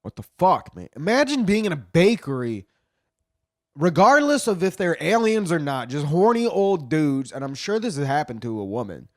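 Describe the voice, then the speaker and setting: A man's voice: a little high, sing-song, moderate pace, no room sound, studio quality. A man retelling a story in casual commentary, swearing a lot and rambling with frequent restarts.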